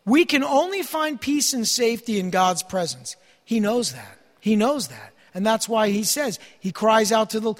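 A man's voice: sits high, very animated, moderate pace, big-room sound. A man preaching a sermon, earnestly teaching and reading scripture aloud. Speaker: pastor.

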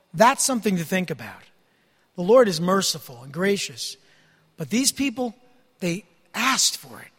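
High-voiced man preaching in a reverberant hall. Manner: earnest Bible teaching, reading scripture aloud with rising intensity. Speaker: pastor. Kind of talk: sermon.

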